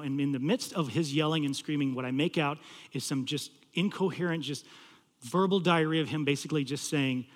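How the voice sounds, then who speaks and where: A male campus pastor delivers a sermon in a storytelling way, pressing hard on some lines and dropping to a hush on others. His voice sits fairly high for a man. A long hall reverb trails after his words. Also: fairly quick. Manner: storytelling, swinging from loud pleading to hushed low tones.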